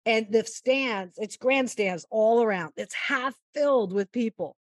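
A woman golf mental-game coach giving a long, animated interview answer and acting out the quotes in her story. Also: a little high, measured pace, no echo, studio quality.

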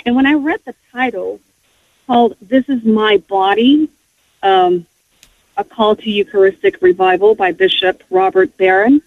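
A woman's voice: mid-range voice, expressive, measured pace, dry recording. Earnest woman on a tinny phone line. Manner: earnest, heartfelt, frequent restarts. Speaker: guest sharing faith testimony. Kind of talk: emotional personal testimony.

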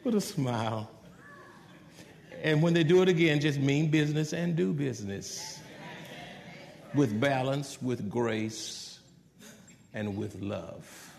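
A man preaching a sermon as pastor, swinging between hushed asides and loud, animated passages. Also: medium pitch, takes it slowly, gravelly, long pauses. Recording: long reverb of a large hall.

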